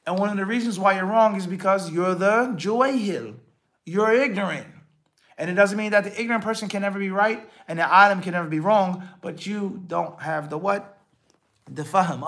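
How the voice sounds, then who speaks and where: A man's voice sitting a little higher than most men's, explaining religious points in a live question-and-answer lecture. He is emphatic, swings between loud stressed words and quieter asides, and keeps checking in with rhetorical questions while dropping Arabic terms into his explanations. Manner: emphatic, rises and drops in loudness. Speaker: Islamic scholar answering questions.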